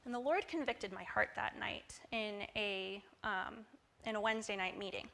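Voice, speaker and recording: A young woman in her twenties tells her personal testimony in church. She speaks in a bright, forceful tone at an ordinary pitch for a woman. She tells the story with lively energy. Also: moderate pace, creaky. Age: 20s. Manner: lively storytelling, acting out quoted dialogue. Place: church service.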